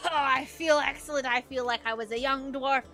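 A woman voicing a boisterous, tipsy old male dwarf who runs a tavern, with loud, jovial exclamations. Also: sits high, moderate pace, faint music behind.

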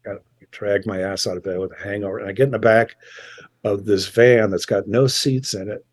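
An older man with a low, husky voice tells a loose, rambling story, full of restarts and asides. The recording is dry and close to the mic. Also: fairly even intonation, a little fast, no room sound. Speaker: musician guest. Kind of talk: casual anecdote telling.

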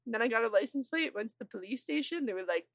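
A young woman co-hosting a podcast, telling a story in a loud, animated way with lots of swearing. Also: on the high side, very fast, dry recording. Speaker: podcast co-host. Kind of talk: casual chat.

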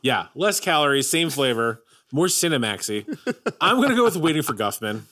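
A man's voice: medium pitch, sing-song, normal speed, sharp tone. A man co-hosting a podcast, talking about movies with emphasis and swearing. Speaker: podcast co-host. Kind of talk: casual film chat.

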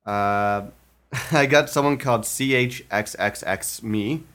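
A man co-hosting a comedy podcast, swinging into rambling, jokey stories. His pitch sits right in the middle, and his delivery stays loose and conversational. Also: slow pace, a bit bright. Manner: joking, rambling storyteller. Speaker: podcast co-host. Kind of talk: casual chat.

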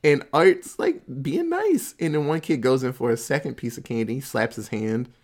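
A man casually retelling a horror film plot, cursing freely, dropping in asides and quick impressions of the characters. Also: mid-range voice, lively intonation, a little mellow. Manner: crude, profanity-laced storytelling with quick asides. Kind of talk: casual movie recap.

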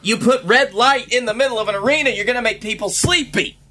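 A man co-hosting a casual wrestling podcast, relaxed and swearing now and then. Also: very high-pitched, fast talker. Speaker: podcast co-host.

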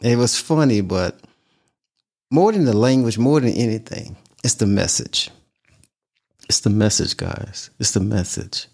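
Gravelly-voiced earnest male vlogger. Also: lowish voice, lively intonation, unhurried, pauses often, a little mellow. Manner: earnest, repeats himself for emphasis. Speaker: vlog host. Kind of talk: casual talk to camera.

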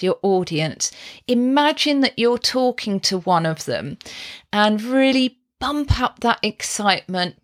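A woman from the UK, a podcast host and performance coach, giving upbeat voice-coaching tips, laughing lightly and demonstrating pitch patterns as she talks.

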